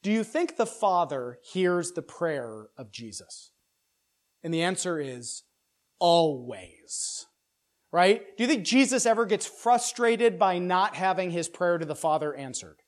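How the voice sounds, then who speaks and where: A man preaching an expository sermon in an earnest way, often restarting and repeating words, and getting louder and higher as he presses a point. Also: very animated, measured pace. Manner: builds louder and higher when stressing a point.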